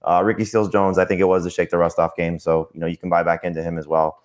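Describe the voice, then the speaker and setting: A man's voice: low-pitched, level tone. A man co-hosting a sports podcast, talking in a loose, rambling way with many fillers and restarts. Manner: quick, rambling, heavy with "you know" and restarts. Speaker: podcast co-host, fantasy analyst. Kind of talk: casual podcast talk.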